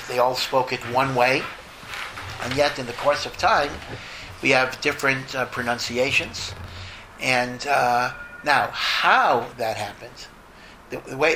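A man, a rabbi answering a question in an informal talk, thoughtful and lively, mixing in Hebrew and Yiddish terms. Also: mid-range voice, slight background noise, poor audio.

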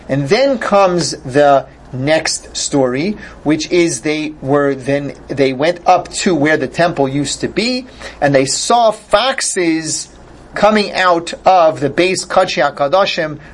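Man with a slightly raised pitch, explanatory Torah teacher who translates his Hebrew phrases as he goes. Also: a little hiss or hum. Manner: glosses each Hebrew phrase in English; thinks aloud, with repeated starts.

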